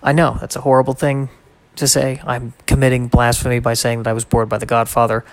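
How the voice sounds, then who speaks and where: A man's voice: mid-range voice, completely flat delivery, fairly quick, no room sound. A man hosting a solo podcast, reading aloud and drifting into wry, rambling asides in a casual way. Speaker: podcast host.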